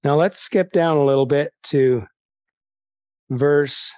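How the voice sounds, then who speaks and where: A man's voice: fairly high pitch, slow, darkish tone, dry recording. A man preaching an evangelistic sermon, reading Bible verses aloud and pressing his listeners with indignant rhetorical questions.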